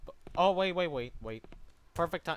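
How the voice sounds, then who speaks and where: Excitable man yelping through a game. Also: on the high side, moderate pace, a little hiss or hum. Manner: excitable, yelps and shrieks when scared. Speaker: gaming YouTuber. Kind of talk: let's play commentary. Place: home room with a fan running.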